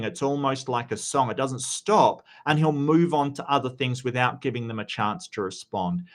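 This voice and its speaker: A man's voice: mid-range voice, fairly bright tone. A man giving casual commentary on video clips, rambling and often stammering as he restarts his sentences. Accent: non-American.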